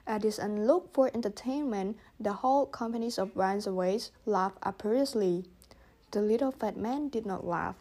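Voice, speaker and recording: A woman reading a children's story aloud, gently voicing the characters. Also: medium pitch, normal speed. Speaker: audiobook reader. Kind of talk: storybook narration.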